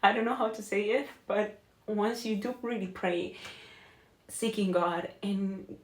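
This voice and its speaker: A woman's voice: medium pitch, unhurried. A young woman sharing a heartfelt, emotional faith testimony in a vlog, earnest and often close to tears. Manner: earnest with frequent "you know?". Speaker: faith vlogger and life coach. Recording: echoey room.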